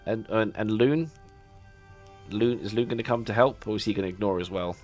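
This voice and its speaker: Low-voiced man running a tabletop game. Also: brisk, a little mellow, soft background music. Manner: loose, hesitant narration, often laughing. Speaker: game master.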